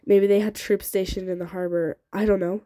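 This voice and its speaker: A stern young soldier who talks in grim, clipped lines, as a woman reader voices him. The tone is mellow and soft, recorded close and dry. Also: medium pitch, little pitch movement, fairly quick, no room sound, natural voice. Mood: gruff.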